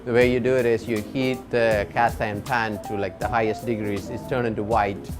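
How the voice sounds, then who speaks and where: A chef and restaurant owner explains his cooking in a plain, slightly halting way. His voice is on the low side, with music playing behind him. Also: level tone.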